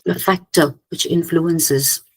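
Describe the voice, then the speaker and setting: A woman giving an academic slide presentation, hesitant, often pausing with "okay" and restarting her phrases. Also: low voice, fairly even intonation, breathy edge, low-quality recording. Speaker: conference presenter.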